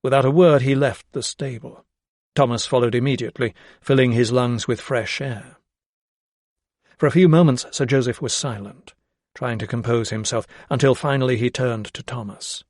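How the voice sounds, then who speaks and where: Guy reading a novel aloud, steady measured pace, mid pitch, very dry close mic. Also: no echo. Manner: measured, even storytelling. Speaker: audiobook narrator. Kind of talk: scripted narration.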